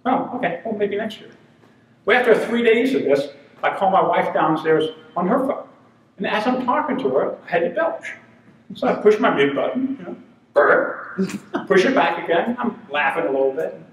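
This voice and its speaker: A man's voice: high voice, normal speed. Sixty-something man telling funny stories. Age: 60s. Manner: animated, acts out quoted voices, laughs through punchlines. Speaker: humor speaker. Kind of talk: humorous storytelling talk. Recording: echoey room, voice from a distance, noisy.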